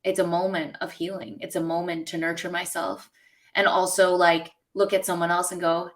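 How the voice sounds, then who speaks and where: A woman from New York hosts a podcast in a casual conversation, her voice on the low side with a level tone and normal speed. She comes across as earnest and reflective, using many "like"s and "you know"s.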